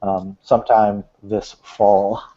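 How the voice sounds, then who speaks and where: A man's voice: fairly low pitch, flat delivery, slow, mellow. Male podcast host, casual rambling news chat, muffled lo-fi sound. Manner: rambling, joking, many fillers. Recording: dull lo-fi podcast audio.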